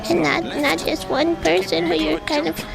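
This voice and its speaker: A man's voice: very high-pitched, little pitch movement, moderate pace, creaky, pitched above the performer's own voice, exaggerated voice, low-quality recording. A man doing a meek scrawny inner weakling. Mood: pleading. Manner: hesitant, pleading, stammering. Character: scrawny timid male inner self, meek and hopeful. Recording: music playing behind.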